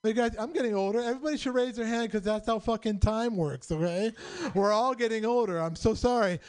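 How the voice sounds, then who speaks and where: A man's voice: high voice, darkish tone, clear, resonant tone. A middle-aged man performing a stand-up comedy set, self-deprecating, telling stories and voicing the people in them. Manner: self-deprecating, rapid storytelling with voiced characters. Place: comedy club stage.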